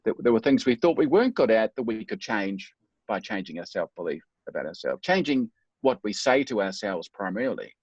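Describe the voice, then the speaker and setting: A man's voice: on the low side, sing-song, a little fast, a little mellow, breathy edge, no room sound, lo-fi sound. A middle-aged man speaking as a guest, telling his life story in an earnest, reflective, self-deprecating way. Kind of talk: personal storytelling in a talk.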